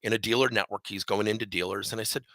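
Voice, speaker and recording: A man leading a leadership training session, telling a coaching story with animated, acted-out dialogue. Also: lowish voice, quick pace, no room sound.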